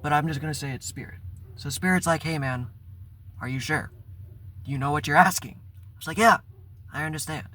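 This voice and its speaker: A man's voice: on the high side, a little fast, pauses often, pushed and bright. A man telling a personal story in a casual, rambling vlog, swearing and breaking into bursts of exasperation. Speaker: spiritual vlogger.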